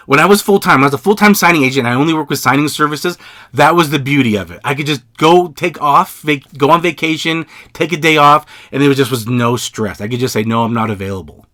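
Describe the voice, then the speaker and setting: A man hosting a podcast, giving casual advice in an energetic, conversational way, often repeating himself. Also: on the high side. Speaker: podcast host. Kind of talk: casual solo podcast talk.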